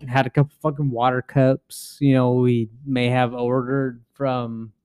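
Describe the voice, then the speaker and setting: A man's voice: medium pitch, little pitch movement, unhurried, darkish tone, smooth, no echo, clean studio sound. A young man hosting a podcast, telling a rambling, profane story with frequent laughs. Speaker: podcast host. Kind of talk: casual storytelling chat.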